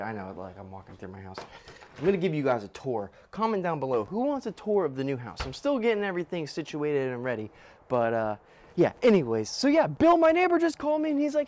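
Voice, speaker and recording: A man's voice: on the high side, huge pitch swings, fast, a little mellow, a little hiss or hum. A young man vlogging outdoors on rural land in a laid-back, slangy way while he builds, talking into a handheld camera. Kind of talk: casual vlog narration. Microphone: handheld camera mic.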